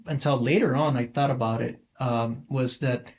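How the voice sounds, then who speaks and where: A man's voice: mid-range voice, steady tone. Forty-something guy rambling thru a story on a podcast, lots of uhs and restarts, regular mid voice. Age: 40s. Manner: rambling, halting, many fillers and restarts. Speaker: podcast guest. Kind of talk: casual storytelling interview.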